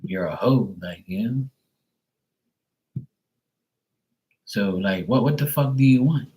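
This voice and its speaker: A man's voice: fairly low pitch, animated, takes it slowly, warm tone. Man, tarot reader, live-stream rant, blunt, exasperated, heavy swearing.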